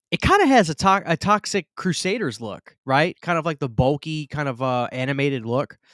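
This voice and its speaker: Stream host, man, higher-pitched, talkative, close dry mic. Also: fairly bright tone, no echo. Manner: chatty, greets viewers by name, restarts sentences. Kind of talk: casual live chat.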